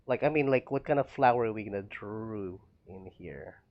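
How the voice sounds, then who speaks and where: A man streams a building game, rambling to himself and laughing often as he plays in casual commentary. His voice is mid-range and fairly quick, with lo-fi sound.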